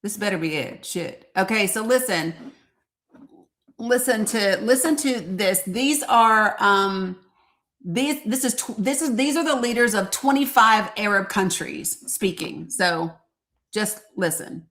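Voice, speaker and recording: A woman's voice: mid-range voice, expressive, measured pace, a bit bright. A woman hosting a live stream, chatting casually and rambling, talking straight to her viewers and getting openly frustrated. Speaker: livestream host.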